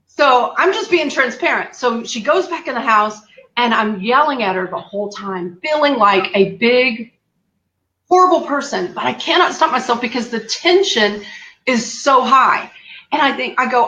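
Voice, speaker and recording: Bright-voiced woman telling a story. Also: on the high side, normal speed, highs cut off, slight background noise. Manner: animated, acts out quotes, laughs often. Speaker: guest caring for her mother. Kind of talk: candid storytelling interview. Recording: echoey room.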